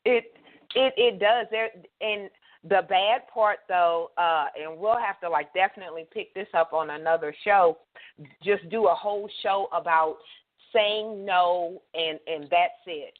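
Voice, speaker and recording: A woman's voice: fairly low pitch, a little slow. A woman from Louisiana with a Louisiana accent, hosting a casual call-in radio talk show in a chatty, affirming way. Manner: affirming, chatty, lots of mm-hmms. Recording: tinny phone line.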